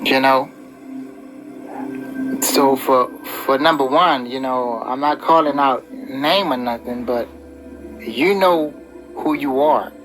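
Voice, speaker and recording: A man's voice: mid-range voice, slow, long pauses, low-quality recording. A man delivering a rambling, preachy relationship-advice monologue, full of "you know". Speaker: vlogger giving relationship advice. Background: background music.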